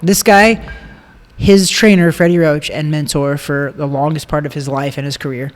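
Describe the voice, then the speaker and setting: Chatty higher-voiced man in a reverberant room. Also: fairly even intonation, moderate pace. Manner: chatty, explains at length. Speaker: podcast co-host, boxing analyst. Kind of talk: casual chat.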